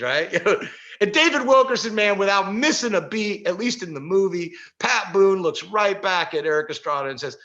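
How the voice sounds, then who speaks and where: A middle-aged man telling a story at a workshop, animated, with many fillers and frequent laughs. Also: high-pitched, normal speed, lo-fi sound. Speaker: workshop speaker. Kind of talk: storytelling talk. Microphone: video call.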